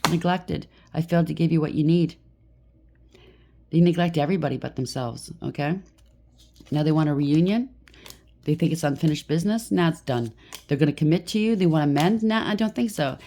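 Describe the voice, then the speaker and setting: A woman's voice: sits low, a little fast, mellow. A woman giving a tarot reading in a blunt, heated way, often checking in with "okay?". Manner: blunt, heated, talks to the listener with frequent "okay?". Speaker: tarot reader.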